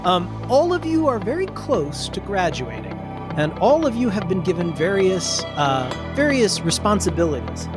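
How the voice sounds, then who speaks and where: A man's voice: high-pitched, big pitch swings, normal speed. Game master man over background music. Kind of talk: narrating a tabletop game.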